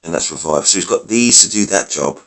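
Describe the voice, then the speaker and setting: Low-voiced guy rambling through game decks, voice going a bit hoarse. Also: lively intonation, fairly quick, a bit bright. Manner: rambling, self-correcting, thinking aloud. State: losing his voice. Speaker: mobile game video creator. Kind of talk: casual gameplay commentary.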